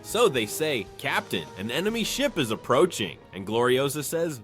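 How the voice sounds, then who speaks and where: Lively, opinionated man recapping a manga. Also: mid-range voice, faint music behind. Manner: opinionated, quick to scoff at fan theories. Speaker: manga commentator. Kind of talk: chapter recap commentary.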